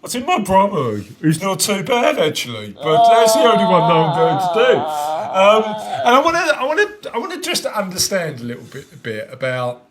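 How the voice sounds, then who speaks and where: A man's voice: high-pitched, huge pitch swings, fairly quick, few pauses, a loud crowd. A man with a British accent co-hosting a podcast live, chatting casually and teasing his co-host with frequent laughter. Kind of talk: casual live-stream chat.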